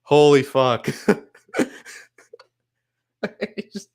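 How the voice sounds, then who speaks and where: A man's voice: on the high side, animated, very slow, darkish tone, clear, resonant tone. A man hosting a casual sports live stream, overwhelmed and near tears, laughing often and swearing as he thanks viewers. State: overwhelmed, shaky, close to tears.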